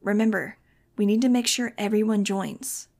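A woman's voice: mid-range voice, normal speed, vocal fry. A woman reading an earnest, brainwashed teen boy. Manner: earnest, flat.

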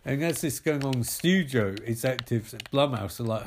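A man's voice: mid-range voice, lively intonation, moderate pace, a little hiss or hum. A man telling a rambling, profane comic story with many asides.

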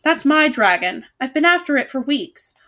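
A blustering one-eyed duke from a read-aloud storybook, as a woman puts him on, roaring and shouting at everyone in his way. The voice sits high and loud. He is furious and bullying. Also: very animated, moderate pace, full character voice.

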